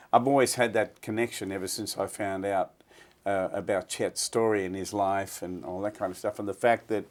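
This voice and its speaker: A middle-aged Australian man, a guest musician, telling stories in a relaxed, chatty interview. He often repeats words as he recalls things. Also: on the low side.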